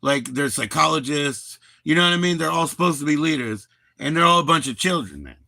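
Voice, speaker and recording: A man's voice: fairly high pitch, expressive, brisk, gravelly, bright, forceful tone, no room sound. A man hosting a livestream, chatting casually in a rambling, profane, laid-back way. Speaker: livestream host.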